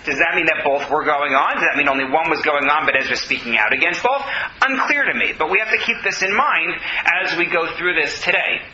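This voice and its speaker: In a scripture study class, a man reads Hebrew verses aloud, translates and explains them, then fields questions from students. His fairly high voice is expressive, pushed and bright, moving a little fast. The classroom audio sounds dull and roomy.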